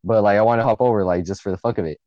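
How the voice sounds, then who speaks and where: A young man co-hosting a podcast, telling a group story in casual chat, animated and swearing often. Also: fairly low pitch, rapid-fire, no echo, highs cut off. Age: young adult. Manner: animated, swears a lot, acts out friends' lines. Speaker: podcast co-host.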